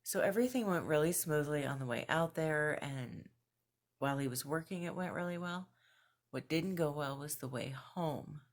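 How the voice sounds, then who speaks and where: A woman's voice: low voice, normal speed. Chatty woman telling a road trip story. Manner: chatty, animated when quoting herself, laughs between phrases. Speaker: vlogger. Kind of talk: casual video journal storytelling. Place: at home with her cat nearby.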